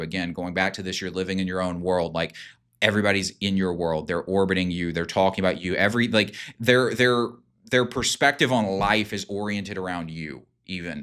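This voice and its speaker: Man, lowish voice, forceful tone, casual rambling monologue, lots of fillers and cursing. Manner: rambling, filler-heavy, profane; emphatic, hyping. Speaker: self-improvement video host.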